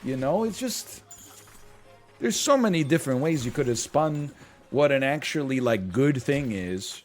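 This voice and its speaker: A man's voice: mid-range voice, unhurried, faint music behind. A young man streaming, reacting to online posts in casual, mocking commentary and slipping into sarcastic quoted voices. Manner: animated, mocking, swings into sarcastic put-on quotes.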